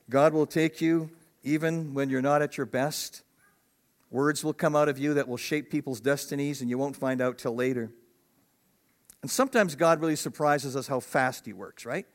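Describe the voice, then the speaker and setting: Male pastor, slightly high voice, chatty sermon delivery with emphatic swells. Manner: conversational preaching, swells to emphatic peaks.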